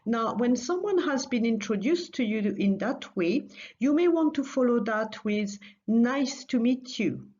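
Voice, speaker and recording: A woman's voice: a little high, animated, a little slow, darkish tone, muffled recording. A woman teaching a recorded language lesson, patiently repeating phrases for learners.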